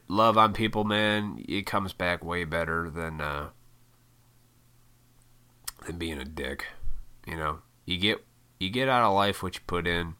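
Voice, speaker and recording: A man's voice: low voice, sharp tone, clear, resonant tone. A man from Illinois hosting a casual solo podcast, talking in a laid-back, rambling way with lots of swearing. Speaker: podcast host.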